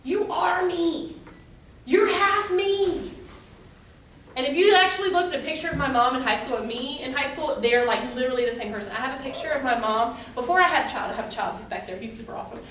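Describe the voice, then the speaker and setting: A young woman speaks to a youth group in a casual devotional talk, rambling through stories with plenty of fillers. Her voice is high and bright. She is picked up from far off in a strongly echoing room. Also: lively intonation, rapid-fire, few pauses, a little hiss or hum. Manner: chatty, filler-heavy storytelling.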